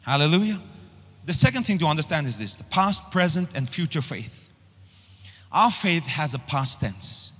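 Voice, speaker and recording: A male pastor delivering a sermon, emphatic and repetitive, pushing phrases up in pitch as he builds. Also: big pitch swings, normal speed, fairly bright tone, slightly rough, long reverb tail. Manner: emphatic preaching with repeated rising phrases.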